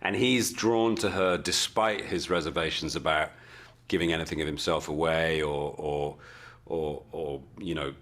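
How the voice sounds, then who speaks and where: An English man answering interview questions as a film actor, halting and repeating words as he thinks. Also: extremely low pitch, steady tone, a bit bright.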